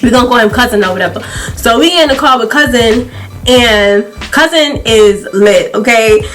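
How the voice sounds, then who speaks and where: Animated young woman telling a story. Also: on the high side, normal speed, faint music behind. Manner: animated, chatty, often laughing. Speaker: vlogger. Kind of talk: casual storytime.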